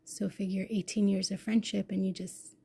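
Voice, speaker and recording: A woman in her thirties or forties telling an emotional personal story, intense and swearing, swinging from hushed to loud. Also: medium pitch, flat delivery, normal speed, creaky, breathy edge. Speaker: vlogger.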